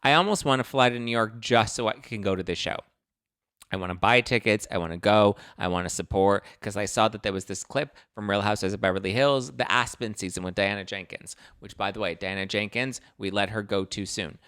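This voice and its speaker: A man's voice: on the low side, a little fast, clean tone, no room sound, clean studio sound. A man hosting a pop-culture podcast, ranting in a casual chat with comic asides. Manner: animated ranting, comic put-on quotes. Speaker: podcast host.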